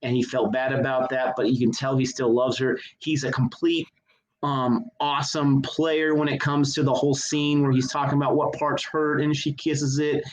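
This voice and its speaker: A man's voice: mid-range voice, level tone, moderate pace, poor audio. A man in his thirties co-hosting a casual movie review chat, gushing with enthusiasm. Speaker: co-host of a movie review show. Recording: connection issues on the audio.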